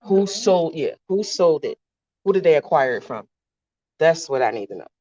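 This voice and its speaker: A woman's voice: low-pitched, animated, normal speed, mellow. A woman speaks straight into her phone to people watching live, her talk heated, profane and circling back over the same points. The sound is dull and muffled, and it is dry, with no room echo. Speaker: livestreamer. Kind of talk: live-streamed rant to viewers.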